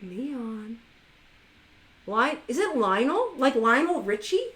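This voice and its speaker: A woman hosts a live stream in a loose, chatty manner. She teases her viewers playfully, and her voice sits a little high. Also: big pitch swings, slow pace, long pauses, a bit bright, rough recording. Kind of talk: casual live stream chat.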